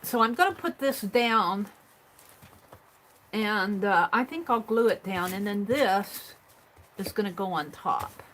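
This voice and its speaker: A woman's voice: mid-range voice, animated, takes it slowly, long pauses, a bit bright, a little hiss or hum, low-quality recording. A woman hosting a live craft stream, thinking aloud as she works, trailing off and murmuring under her breath. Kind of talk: live craft stream, talking while working.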